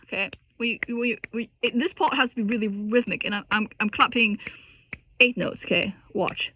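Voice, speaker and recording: A woman's voice: on the high side, steady tone, moderate pace, pushed and bright, dry recording. A woman teaching a singing lesson, explaining technique with lots of restarts and breaking into short sung and spoken demonstrations.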